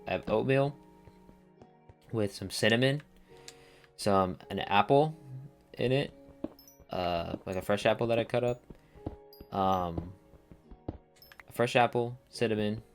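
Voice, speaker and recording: A man's voice: lowish voice, takes it slowly, pauses often, soft background music. A young man chatting casually and rambling while playing a game, dropping slang as he goes. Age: young adult. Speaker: let's play gamer. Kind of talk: casual gameplay commentary.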